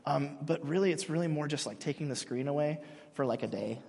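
Casting note: man in his thirties, a preacher with a slightly high, husky voice and a loose, joking storytelling style, caught in a reverberant hall. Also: a little fast, a little mellow. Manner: casual, joking storytelling with many restarts. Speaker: pastor. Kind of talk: sermon.

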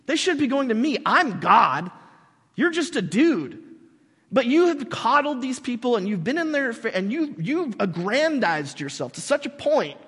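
God as a blunt scolding boss, a preacher putting him on. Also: male voice, very high-pitched, very animated, moderate pace, fairly bright tone, slightly rough, in a large hall, voice pushed up, full character voice. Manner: dry, sarcastic buddy-talk.

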